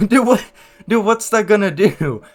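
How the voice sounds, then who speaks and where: A man's voice: high-pitched, animated, a little slow, soft background music. A man hosting a reaction video, giving sarcastic, rambling commentary full of restarts.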